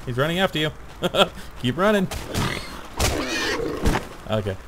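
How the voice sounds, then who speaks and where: A man's voice: a little high, sing-song, measured pace. Laid-back man chatting over gameplay. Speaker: gaming channel host. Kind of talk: casual co-op gameplay chat. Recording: noisy home game recording.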